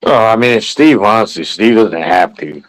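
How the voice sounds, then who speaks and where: A man's voice: fairly low pitch, normal speed, rough recording. A man hosting a livestream, chatting casually and rambling with restarts. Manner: rambling, repeats himself, relaxed. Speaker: livestream host. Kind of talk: casual stream chat.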